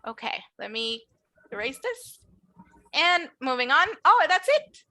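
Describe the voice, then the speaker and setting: A woman's voice: high voice, sing-song, measured pace, sharp tone. A woman teaching an English class, modeling words for the students to repeat and encouraging them. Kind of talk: classroom lesson.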